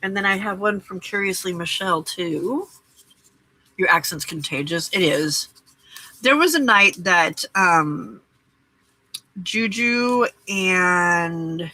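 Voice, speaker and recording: A woman hosts a cozy late-night crafting stream from her home craft room. Her voice is bright with a breathy, husky edge. She chats casually, welcomes viewers by name and pokes fun at herself. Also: lowish voice, animated, slow pace, pauses often, low-quality recording. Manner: chatty, greets viewers by name, self-deprecating. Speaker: livestream craft host.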